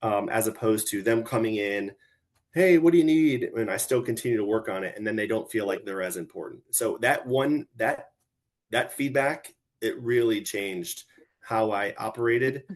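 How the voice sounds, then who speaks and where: Low-voiced earnest middle-aged man. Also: normal speed. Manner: earnest and reflective, with frequent "like" and "right?". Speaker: guest, retired military officer. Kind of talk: podcast conversation.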